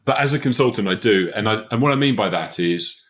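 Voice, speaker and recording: Deep-voiced man chatting on a podcast. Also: expressive, fast talker, fairly bright tone. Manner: conversational, emphatic, chuckles often. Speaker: podcast host, business consultant. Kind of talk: casual podcast chat.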